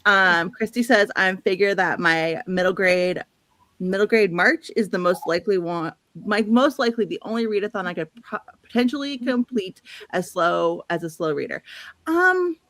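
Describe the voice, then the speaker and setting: A woman's voice: mid-range voice, animated, normal speed, a bit bright, no room sound. A woman from the Midwest hosting a casual book livestream, chatty and laughing often as she reads out viewer comments. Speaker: host.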